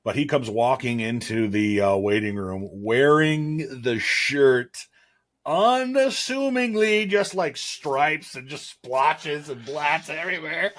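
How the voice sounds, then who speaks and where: A man co-hosting a podcast, telling a story in an animated way and laughing into his lines. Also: a little high, slow. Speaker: podcast co-host. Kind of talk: casual chat.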